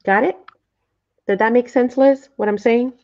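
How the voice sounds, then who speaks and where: A woman's voice: fairly high pitch, moderate pace, a little mellow. A middle-aged woman hosting a live craft tutorial, chatty and a bit flustered, often checking in with her viewers. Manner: apologetic, flustered by the camera framing. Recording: dull lo-fi sound.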